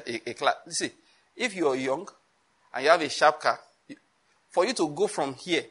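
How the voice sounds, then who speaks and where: A man with a Nigerian accent preaching a sermon, animated, acting out voices and laughing often. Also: on the high side, husky. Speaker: pastor.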